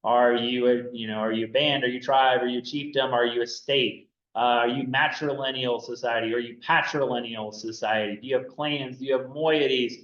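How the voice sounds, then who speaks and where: A man's voice: medium pitch, steady tone, a little fast, few pauses, a bit bright. A man giving a casual classroom lecture on anthropology, chatty and loose, full of fillers and "right?" checks to the students. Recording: dull roomy classroom recording.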